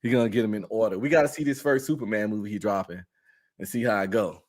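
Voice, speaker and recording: A man's voice: on the low side, fast, a little mellow. A man as a podcast guest in casual chat, slangy and joking with frequent laughs.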